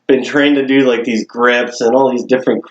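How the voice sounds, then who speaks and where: A man's voice: medium pitch, steady tone, fairly quick, reverberant, highs cut off. A young man casually telling a story on a podcast, swearing and laughing often. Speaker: podcast co-host.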